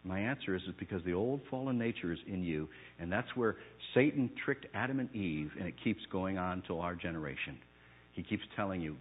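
A male pastor preaching a sermon who tells personal stories and swings from low, hushed phrases to loud, emphatic passages. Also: animated, brisk, in a large hall, a little hiss or hum. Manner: storytelling with personal anecdotes. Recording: narrow phone-like sound.

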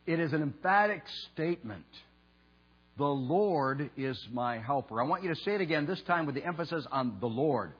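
Male pastor, husky voice, deliberate emphatic sermon delivery, dull lo-fi church recording with hum. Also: a little high, expressive. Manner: slow, emphatic, leads the congregation in call and response. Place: church sanctuary. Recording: dull lo-fi sound with mains hum.

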